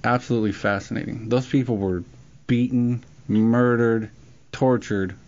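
A man co-hosting a talk radio show, talking in an animated, opinionated way. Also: mid-range voice, normal speed, highs cut off. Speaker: radio co-host.

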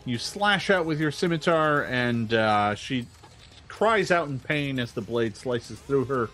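A man narrating as game master in a relaxed, joking way, with many fillers. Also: medium pitch, unhurried, a little hiss or hum.

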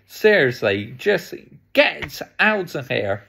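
A man in a fired-up fan rant, frustrated and swearing freely. His voice sits a little high for a man and carries a gravelly, fried edge. He talks off the cuff, unscripted and worked up. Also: animated, a little slow. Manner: angry, frustrated, heavy swearing. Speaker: football fan vlogger.

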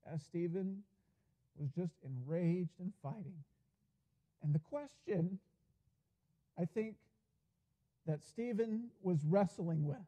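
Dark-voiced pastor preaching a sermon. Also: male voice, fairly high pitch, rough recording. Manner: earnest, storytelling preacher with frequent "and, uh". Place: church sanctuary.

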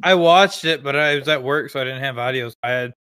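A man's voice: medium pitch, fast talker, a loud crowd. A man co-hosting a podcast in casual chat, laid-back and self-mocking, swearing freely. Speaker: podcast co-host.

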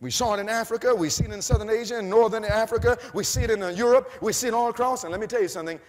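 A male preacher with a high, ringing voice delivers a sermon, firing questions at his listeners and answering them himself. His voice swings between quiet asides and shouted climaxes, and a long reverb from a large hall trails behind every phrase. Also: very fast. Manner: call-and-response questions, rising to shouts.

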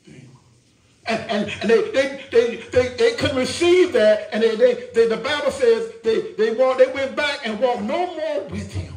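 A male preacher with a high voice delivers a sermon, repeating himself and asking for agreement. He is caught from a distance in an echoing church. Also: measured pace. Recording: echoey church from far off.

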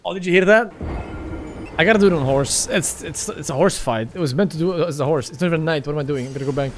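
A young man commentating his own gameplay casually, excitable and crude, with sudden yelps and laughs. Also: fairly high pitch, fast, a little hiss or hum. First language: Dutch. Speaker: streamer. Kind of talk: casual let's-play commentary.

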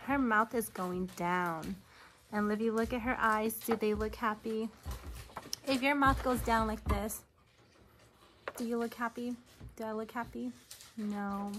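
A woman teaching preschoolers about feelings, talking slowly and patiently and asking them simple questions. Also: fairly high pitch, a bit bright, a little hiss or hum, low-quality recording. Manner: slow, patient, questioning tone for small children. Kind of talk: recorded classroom lesson for young children.

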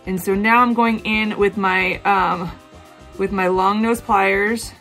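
A woman hosting her own jewelry-making tutorial, chatty and bubbly, gushing with excitement as she talks viewers through each step. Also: mid-range voice, slow pace, faint music behind. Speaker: jewelry-making video host. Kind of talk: casual craft tutorial.

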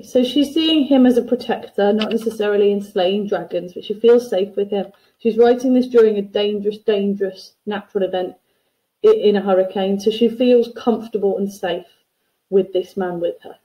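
A woman's voice: medium pitch, normal speed, mellow, rough recording. A woman teacher giving a recorded lesson that analyses a poem for students, reading quotations aloud and unpacking them in a conversational, explanatory way.

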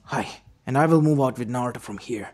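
Man doing an earnest, remorseful scientist uncle, quiet and low-key, mid pitch, soft music behind. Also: brisk, close to an everyday voice. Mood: pleading. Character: guilt-ridden male scientist uncle, earnest and intense. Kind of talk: fan story narration. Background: faint lo-fi music.

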